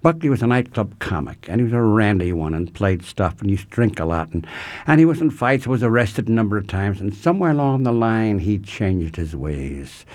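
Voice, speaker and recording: A man interviewing a guest, chatting in an animated, rambling way. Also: lowish voice, fairly quick. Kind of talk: conversational interview.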